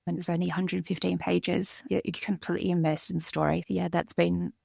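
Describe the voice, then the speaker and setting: A woman's voice: lowish voice, level tone, a little fast, vocal fry, darkish tone, no room sound, studio quality. A woman co-hosting a book podcast, earnestly recommending a book with fillers like "yeah" and "like.". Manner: earnest, enthusiastic, with filler words. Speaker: podcast co-host.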